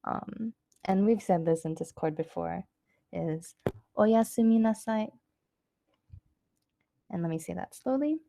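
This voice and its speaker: This Japanese teacher speaks at medium pitch with a warm tone and no echo. During her casual online lesson she's talkative and loose with fillers, then slows down to say practice phrases clearly.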